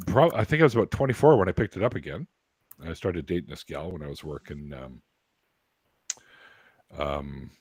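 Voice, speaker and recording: Lively canadian guy in his 40s, low voice, swoopy pitch, laughs and does voices while telling stories, dry sound. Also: breathy edge, dry recording. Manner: animated, laughing storyteller who acts out voices. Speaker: guest. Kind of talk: casual storytelling chat.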